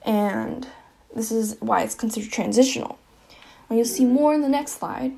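A woman giving a casual slideshow lesson, saying each example word twice, with fillers and quick self-corrections. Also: a little high, vocal fry, mellow, slight background noise. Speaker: presenter explaining languages.

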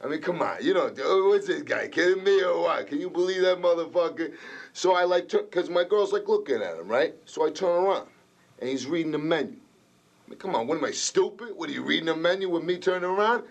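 A man's voice: fairly high pitch, animated, fairly quick, pitched above the performer's own voice. A man doing a swaggering New York tough guy. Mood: boastful swagger. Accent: New York Italian-American. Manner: swaggering, crude, rambling storyteller. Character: brash boastful New York Italian-American tough guy. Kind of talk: audition monologue.

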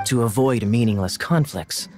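An actor voicing a young game character who tells grand, secretive tales with earnest drama. His voice sits at a medium pitch, and faint game music plays behind him. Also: moderate pace, darkish tone, close to an everyday voice. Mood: storytelling. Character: boastful young male pirate's grandson with an eye patch. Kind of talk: game dialogue.

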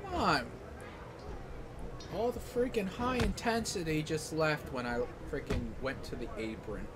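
A man giving live gameplay commentary, yelling excitedly and in frustration at the game as he plays. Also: on the high side, a little slow, noisy background. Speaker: gaming channel host.

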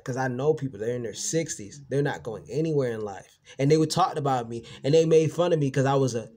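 Profane rambling man, dark voice. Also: medium pitch, a little fast, hardly any pauses. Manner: rambling, profane, repeats himself; grows heated and emphatic. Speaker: vlogger. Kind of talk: casual venting monologue.

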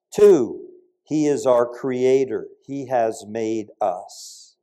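An older man speaks very slowly at a medium pitch as he preaches. His sermon is full of animated storytelling, with sharp loud peaks and quiet asides.

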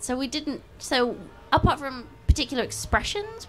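A woman's voice: a little high, expressive, moderate pace, few pauses, a bit bright. Young woman author, half british half american accent, chatty and self-deprecating, lots of ums, faint hum behind. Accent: mixed British and American. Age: young adult. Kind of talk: talk Q&A answers. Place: outdoor bookshop event.

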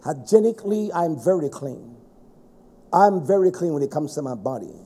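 A middle-aged man preaching a stern, scolding sermon to a congregation, rising to shouts at times. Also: on the high side, big pitch swings, normal speed, slightly rough.

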